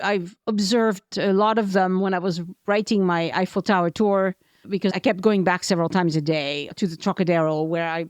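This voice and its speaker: A woman hosting a casual podcast interview, chatty and quick to laugh as she tells anecdotes. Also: medium pitch, clear, resonant tone, no echo. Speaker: podcast host.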